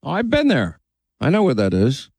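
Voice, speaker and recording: A man from Long Island hosting a call-in radio show, greeting callers briskly and keeping things moving. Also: mid-range voice, wildly swooping pitch, creaky, darkish tone, no room sound. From Long Island, New York. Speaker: radio talk show host. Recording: dry studio sound.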